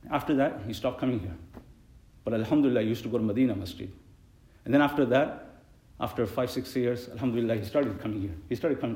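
A man's voice: mid-range voice, dark tone, echoey room. A man giving a sermon as an imam, telling stories earnestly and animatedly, mixing in Arabic phrases.

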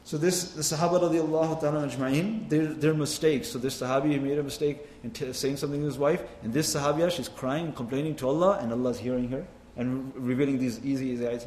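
A man's voice: on the high side, fast talker, hardly any pauses, a little mellow, a little hiss or hum. A man preaching a sermon with impassioned, rising and falling delivery, mixing in Arabic phrases. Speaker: Islamic preacher. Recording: echoey hall, faint ambience.

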